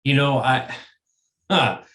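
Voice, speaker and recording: A man's voice: medium pitch, slow, fairly bright tone, roomy sound. A man who is a guest on an interview, speaking earnestly and often repeating words as he thinks. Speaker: guest, sales manager. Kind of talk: interview conversation.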